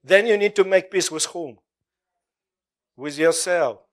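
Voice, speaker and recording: Male preacher, slightly high pitch, animated, laughs between lines. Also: unhurried. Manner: animated, laughing often, call-and-response with congregation. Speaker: pastor. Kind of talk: sermon.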